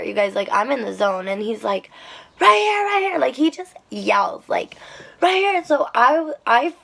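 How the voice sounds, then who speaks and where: A young woman telling a rideshare-driving story to the camera in a chatty, animated way, with lots of fillers and swearing. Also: fairly high pitch, gravelly. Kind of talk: casual storytelling vlog.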